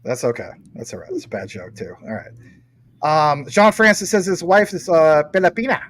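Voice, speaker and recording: A man's voice: on the high side, lively intonation, normal speed, a bit bright, poor audio. A man hosting a casual livestream, reading viewer comments and teasing his guest playfully. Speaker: livestream host.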